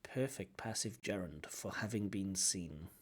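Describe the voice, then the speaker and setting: A man giving feedback as a language-test examiner, explaining points in an animated way and humming out intonation patterns. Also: deep voice, a little slow, husky. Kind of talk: commentary on a recorded test.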